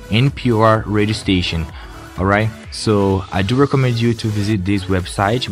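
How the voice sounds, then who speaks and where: A young Brazilian man records a casual podcast at home, speaking English with a Brazilian Portuguese accent. His voice sits fairly low and he talks very slowly, stopping often to search for words. Faint music plays underneath. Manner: hesitant, many fillers and restarts, laughs softly. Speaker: podcast host, English learner.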